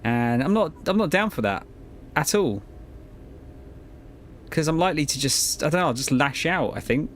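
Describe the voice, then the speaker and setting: A man's voice: on the high side, expressive, moderate pace, pauses often, slight background noise. Laid-back man rambling on stream. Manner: rambling, laid-back, swears and laughs often. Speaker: game streamer. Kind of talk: casual live-stream chat while gaming.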